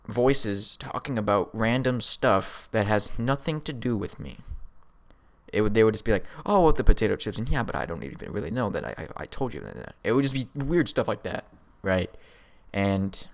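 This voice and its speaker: Chill teen dude rambling through a story, kinda low voice, smooth and clean. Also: male voice. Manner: laid-back and slangy, many fillers. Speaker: vlogger. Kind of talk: casual storytelling.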